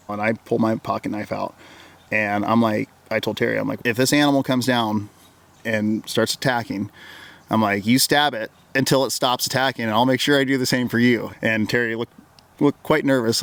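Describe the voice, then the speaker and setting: A fairly low, creaky male voice belongs to a wilderness guide from Oregon. He's an interview guest casually telling a long story about an encounter. He rambles, repeats words, and quotes himself with "I'm like."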